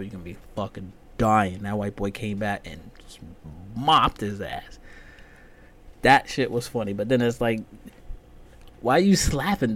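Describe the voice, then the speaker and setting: A man hosting a casual solo podcast rant, loose, profane and rambling. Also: on the low side. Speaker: podcast host.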